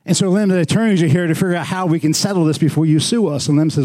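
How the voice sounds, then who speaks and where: Male pastor, fairly high mellow voice, chatty sermon, pokes the congregation with questions, repeats words to stress them. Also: very fast. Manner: conversational, prods the congregation with questions. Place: small church.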